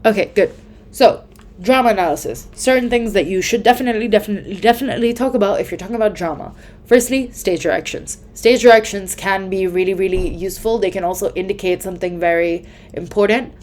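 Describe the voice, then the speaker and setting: A woman's voice: mid-range voice, fast, darkish tone. A young woman giving casual exam tips, chatty and full of fillers, often correcting herself mid-sentence. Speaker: student tutor.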